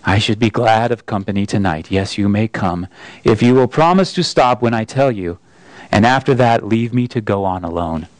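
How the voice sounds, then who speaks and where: A man voicing a great male lion who is sad and lonely, speaking slowly, gravely and tenderly in a storybook reading. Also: on the low side, expressive, no echo, voice pushed down, lightly acted. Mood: solemn.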